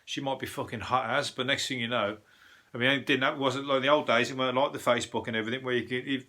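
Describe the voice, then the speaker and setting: A man's voice: medium pitch, fairly even intonation, fast talker, sharp tone. A middle-aged man with a Birmingham accent, a comedian and podcast host rambling through the news in a casual solo chat, swearing freely and laughing at his own jokes.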